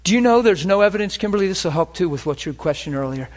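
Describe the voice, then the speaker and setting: A man preaching and telling healing stories, swinging between hushed and loud. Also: high-pitched, animated, quick pace. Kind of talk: sermon with healing testimony.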